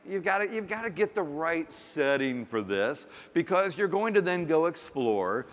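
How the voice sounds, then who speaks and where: Animated man speaking in a reverberant hall. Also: medium pitch. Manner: animated, humorous storytelling with acted quotes. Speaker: conference speaker. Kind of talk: storytelling keynote talk. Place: conference hall.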